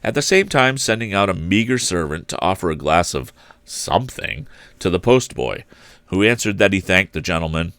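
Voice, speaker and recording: A man hosting a livestreamed story time, reading a classic novel aloud with steady, measured narration into a close microphone. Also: low voice, no echo. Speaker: storyteller host. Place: home streaming setup.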